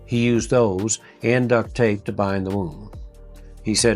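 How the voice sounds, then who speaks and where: A male host narrating a heartfelt story in a slow, earnest, folksy way. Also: on the low side, steady tone, faint music behind.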